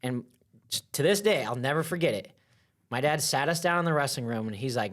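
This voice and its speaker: A young man, a wrestling coach, telling stories in casual chat, animated and full of "like" fillers. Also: mid-range voice, a little fast. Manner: animated, acts out voices in his stories, heavy filler "like". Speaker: wrestling coach, podcast guest.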